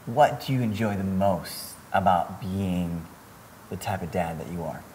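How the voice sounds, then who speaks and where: A man's voice: low voice, measured pace, a little mellow, slight background noise. A male podcast host asking questions in short, friendly prompts and signing off the episode. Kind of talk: casual interview talk.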